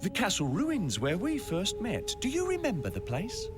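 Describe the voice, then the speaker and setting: A man's voice: high-pitched, wildly swooping pitch, normal speed, loud music behind the voice. An actor playing a sly, theatrical male servant of the villain with a British accent in a video game dub.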